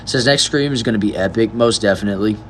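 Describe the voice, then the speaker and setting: A man's voice: on the low side, fast, fairly bright tone, a little hiss or hum. Laid-back young man reading stream chat. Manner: easygoing, reads chat messages aloud and answers them. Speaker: livestream host reading chat. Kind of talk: casual livestream chat.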